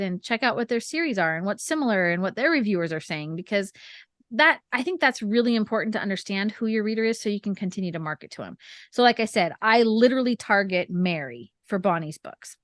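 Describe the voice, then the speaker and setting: A woman's voice: mid-range voice, no room sound, clean studio sound. A woman and author co-hosting a casual marketing talk. She is chatty, laughs often and acts out little stories as she talks. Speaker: podcast co-host and author. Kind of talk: casual chat, marketing advice.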